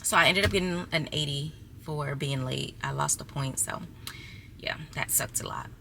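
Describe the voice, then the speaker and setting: A woman's voice: deep voice, moderate pace, gravelly, background noise. A young adult woman vlogging casually to her viewers, chatty and exasperated as she talks to them as y'all. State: six months pregnant. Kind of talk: casual storytelling vlog.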